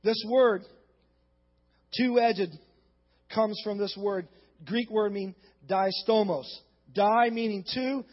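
A man preaching a sermon as pastor, emphatic and building to shouts. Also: high voice. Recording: dull, long-reverb hall sound.

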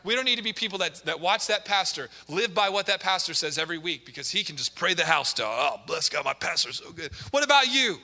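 A man's voice: sits high, lively intonation, fast, hardly any pauses, pushed and bright. A male pastor preaching a sermon to his congregation, emphatic and repetitive, often putting direct questions to the listeners. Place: church sanctuary. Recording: long hall reverb in a church.

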